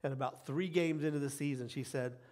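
A middle-aged man preaching a sermon as pastor, emphatic, repeating key phrases and swinging from quiet asides to loud cheering. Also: medium pitch, fairly even intonation, brisk. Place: church sanctuary. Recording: long hall reverb.

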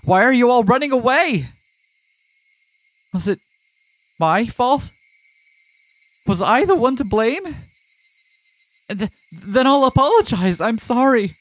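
A man's voice: very high-pitched, very animated, slow pace, long pauses, no echo, voice pushed up, heavily acted, low-quality recording. A man voicing a panicked teenage boy who pleads and apologizes over and over in a visual novel read-through. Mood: frantic pleading. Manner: frantic, pleading, repeating himself.

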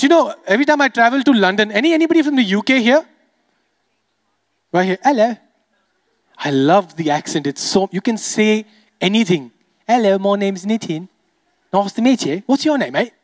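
A man's voice: high voice, in a large hall. A man from the Emirates doing stand-up comedy on stage, chatty and teasing, working the crowd. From United Arab Emirates. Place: comedy stage before a live audience.

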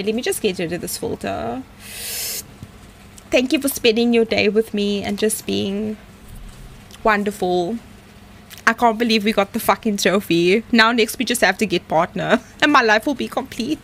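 A young woman streaming a game, talking in a shaky, breathless, excited way. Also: fairly high pitch, creaky. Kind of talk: live game stream chat. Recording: faint background noise.

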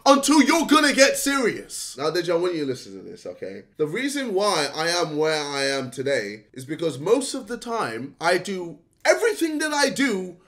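A man ranting straight to camera in a frustrated, scolding way, sometimes shouting and laughing between points. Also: high voice, huge pitch swings, normal speed, few pauses. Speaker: YouTuber. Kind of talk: direct-to-camera rant.

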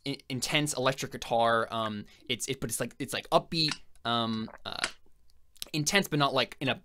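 A young man running a tabletop game as game master, telling the scene in a casual, halting way full of fillers. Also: medium pitch, bright, forceful tone, a little hiss or hum. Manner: halting, filler-heavy storytelling.

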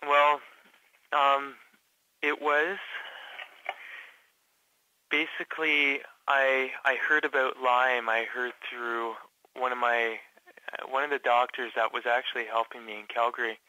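Male interview guest from Canada, hesitant and halting, bright flat delivery, dry close recording. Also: mid-range voice, no echo, poor audio. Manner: halting, many fillers and restarts. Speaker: patient guest. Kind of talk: casual interview.

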